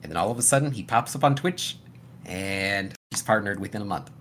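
A man with a fairly low voice, chiming in agreeably during a casual podcast chat. Faint background noise sits under his voice. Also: animated, brisk, a bit bright.

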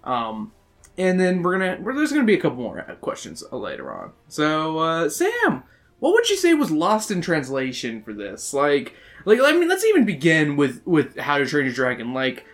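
A man's voice: on the high side, wildly swooping pitch, normal speed, a bit bright, soft background music. A man co-hosting a podcast in casual chat, rambling with lots of fillers, restarts and casual swearing. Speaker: podcast co-host.

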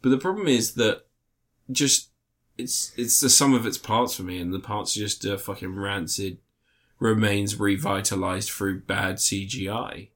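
A man's voice: on the low side, unhurried. Sweary man chatting on a podcast. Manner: sweary, animated, laughs a lot. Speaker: podcast co-host. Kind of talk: casual film review chat.

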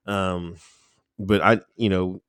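A man's voice: deep voice, fairly even intonation, slow pace, fairly bright tone, clean tone, dry recording, studio quality. A man talking casually as an interview guest, rambling with lots of fillers and easy laughs. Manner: laid-back, rambling, full of fillers and laughs.

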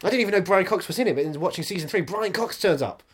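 Husky, lively podcast co-host. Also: medium pitch, rapid-fire. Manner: jokey, laughs often, bursts into silly voices. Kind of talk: casual banter.

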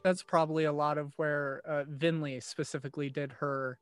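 Man, tabletop player, halting, casual, somewhat high voice. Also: level tone, clear, resonant tone, no echo, soft background music. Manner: halting, thinking aloud.

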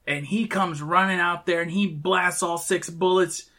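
A man co-hosting a casual talk show, retelling film scenes and quoting lines in quick bursts. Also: sits high, steady tone, sharp tone. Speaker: podcast co-host. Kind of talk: casual chat recapping a film.

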